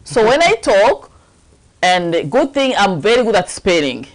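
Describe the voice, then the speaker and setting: A woman with an African French accent, her first language French, hosts a casual talk show. She talks emphatically and with lively energy. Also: medium pitch, measured pace, rough recording. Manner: lively, emphatic, laughs often. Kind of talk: casual chat.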